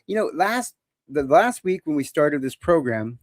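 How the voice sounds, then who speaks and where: A man's voice: a little high, very animated, moderate pace, dry recording. A man hosting a live call-in show, talking in a casual, opinionated and joking way.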